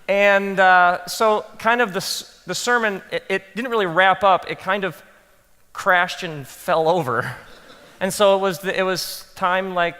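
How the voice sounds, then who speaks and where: A man speaking as a pastor to a live audience, telling animated stories and acting out his own thoughts in soft asides. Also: high voice, unhurried, clean tone, in a large hall. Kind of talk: talk to pastors, animated storytelling.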